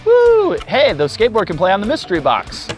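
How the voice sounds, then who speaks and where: A young woman hosts a kids' educational show in a low voice that swoops up into excited squeals. She talks slowly and clearly to little children, with background music underneath. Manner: excited exclamations, slow and clear for kids.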